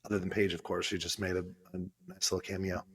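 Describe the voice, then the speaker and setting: A man co-hosting a podcast with a voice that sits on the lower side. He chats casually and teases the others. He often stumbles and repeats words before getting a sentence out. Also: flat delivery, fast, fairly bright tone. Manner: teasing, stammering restarts. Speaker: podcast co-host. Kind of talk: casual chat.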